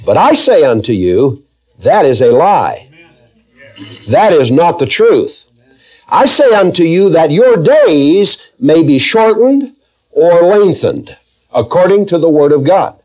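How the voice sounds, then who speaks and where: A man preaching a verse-by-verse Bible teaching sermon, emphatic, slowing down to read scripture aloud and asking the congregation questions. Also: on the high side, very animated, a little mellow.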